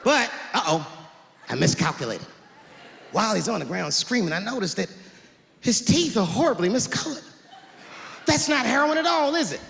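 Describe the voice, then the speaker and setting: A man performing a stand-up comedy routine on stage, telling stories in an animated way and swinging into character voices. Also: sits high, normal speed, gravelly, long pauses. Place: large venue on stage. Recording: echoey hall with loud crowd and noise.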